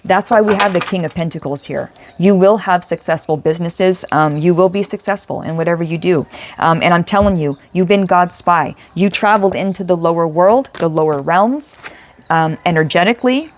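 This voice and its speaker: A woman's voice: fairly low pitch, normal speed, a little hiss or hum. Emphatic woman giving a tarot reading. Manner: emphatic, repetitive, emotional, swears casually. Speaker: tarot reader. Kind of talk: spiritual tarot reading to camera.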